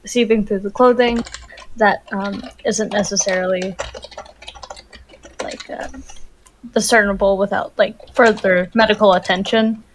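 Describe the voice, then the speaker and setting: A woman's voice: medium pitch, a little hiss or hum. A woman playing a tabletop game, explaining her moves with hesitant fillers. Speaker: player. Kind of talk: casual tabletop play.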